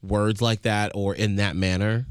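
A man's voice: fairly low pitch, little pitch movement, unhurried, smooth, dry recording, clean studio sound. A man in casual chat, a curious listener who keeps asking follow-up questions.

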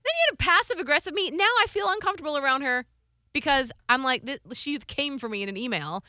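A woman in her thirties chatting casually on a podcast, telling a story in a lively way and acting out what people said. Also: high voice, fast, dry recording, studio quality. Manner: animated storytelling, acts out quotes. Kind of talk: casual chat.

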